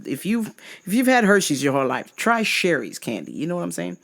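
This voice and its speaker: Animated, profane woman ranting a story. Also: fairly low pitch, a little fast, creaky. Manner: profane, exasperated, animated retelling; drags words out for emphasis. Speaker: vlog host. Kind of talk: casual storytelling rant.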